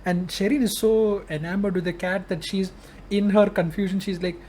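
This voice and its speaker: A man with a high voice chats on a podcast. He talks earnestly and casually, laying out his point. A faint hiss of noise sits behind him. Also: fairly even intonation, moderate pace, a little mellow. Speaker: podcast co-host. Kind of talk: casual chat.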